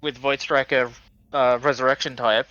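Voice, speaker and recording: A man's voice: mid-range voice, level tone, normal speed, highs cut off, crowd noise. A man playing a tabletop game, speaking hesitantly with many fillers. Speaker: player.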